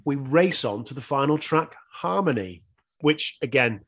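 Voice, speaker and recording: Reviewing an album on a podcast he co-hosts, a thirtysomething man speaks in an expressive, unhurried way with a breathy edge to his mid-range voice. The conversation is casual, with frequent laughter and the occasional curse.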